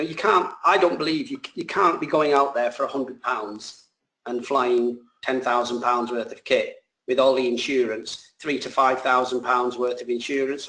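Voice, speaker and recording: A man's voice: medium pitch, bright, forceful tone, echoey room, poor audio. A man, a drone pilot and trainer answering questions in a casual, rambling way that often corrects itself mid-sentence.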